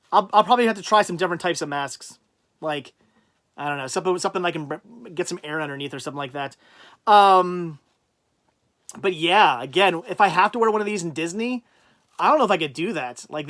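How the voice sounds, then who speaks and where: A man hosting a casual livestream, rambling and thinking out loud as he reads out and answers viewers' chat comments. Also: on the high side. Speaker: livestream host.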